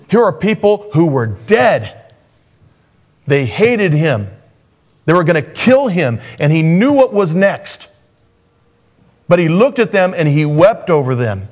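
A man preaching a sermon as a pastor, swinging from raised, intense passages down to hushed, soft ones. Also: on the high side, very animated, takes it slowly, pauses often.

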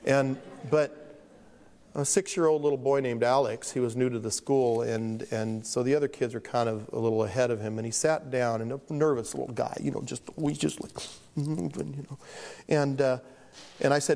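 A man's voice: mid-range voice, steady tone, normal speed, creaky, dark tone. A man preaching a sermon as pastor, telling stories with self-deprecating humor and acting out the voices of the people in them. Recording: long hall reverb.

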